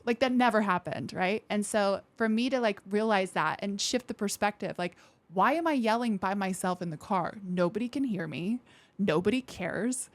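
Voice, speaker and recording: A woman veteran speaking as a podcast guest in casual interview talk, candid and expressive, acting out quoted thoughts in lively voices and swearing now and then. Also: medium pitch, moderate pace, no room sound. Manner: frank, with occasional swearing.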